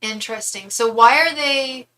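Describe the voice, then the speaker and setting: A woman's voice: medium pitch, steady tone, normal speed, pushed and bright, rough recording. A young woman giving a casual live tarot reading, chatty and candid, thinking aloud with frequent restarts. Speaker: tarot reader.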